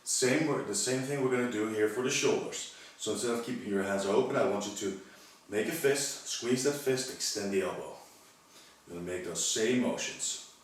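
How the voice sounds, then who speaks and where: A man leading a physiotherapy workout, explaining each movement and counting reps in a calm, encouraging way. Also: lowish voice, normal speed. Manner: calm, encouraging, demonstrates while talking. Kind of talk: exercise instruction, counting reps. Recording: echoey room, voice from a distance.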